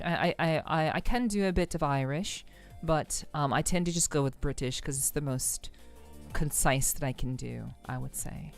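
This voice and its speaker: Woman streamer rambling to chat, kinda low smooth voice, lots of ums and restarts. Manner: rambling and friendly, stuttered restarts, many fillers. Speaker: live streamer. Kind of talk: casual live-stream chat with viewers.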